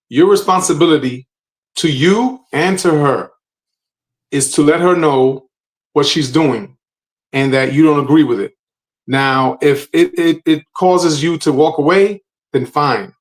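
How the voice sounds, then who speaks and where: Podcast co-host, male, slightly high voice, emphatic lecturing delivery. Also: rough recording. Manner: emphatic, lecturing, repeats phrases. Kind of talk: casual podcast chat.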